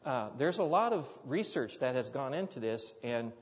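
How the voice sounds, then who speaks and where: Animated preacher man in a hall. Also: medium pitch, normal speed, dull audio. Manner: animated storyteller, loud acted quotes, drops soft for asides. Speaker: pastor. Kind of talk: sermon storytelling.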